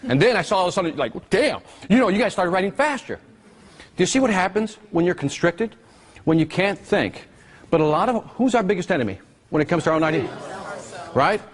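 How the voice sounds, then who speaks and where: A male workshop presenter teaching a live seminar, energetic and constantly quizzing his audience with questions. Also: high voice, fast.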